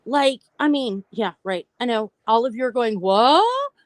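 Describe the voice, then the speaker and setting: Lady in her 40s talking straight to her viewers, kinda high voice, dry close sound. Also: moderate pace, no room sound. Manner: open, talkative, addresses viewers directly. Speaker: host of a live stream about mental health. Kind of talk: personal storytelling, casual chat.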